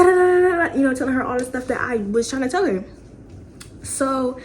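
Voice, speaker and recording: A young woman telling a story casually at home, animated and profane, repeating phrases for emphasis. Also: on the high side, slight background noise. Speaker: vlogger. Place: home, indoors.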